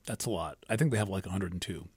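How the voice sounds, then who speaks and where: A man's voice: low-pitched, fast, darkish tone, husky, dry recording, clean studio sound. A man giving a casual astrology talk, rambling and emphatic, often restarting and cursing freely.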